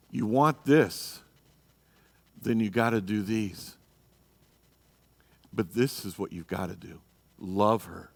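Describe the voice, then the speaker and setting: In a large hall, a man with a gravelly, lowish voice leads a church marriage class. He's blunt and exhorting, frequently tossing in "you know" and "okay?", and he raises his voice when acting out the people he quotes.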